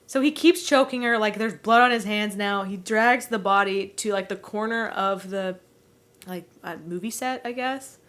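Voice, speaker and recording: Laughing, animated woman book-club host. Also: medium pitch, moderate pace. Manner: laughs often, acts out characters' lines with profanity. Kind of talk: casual chat.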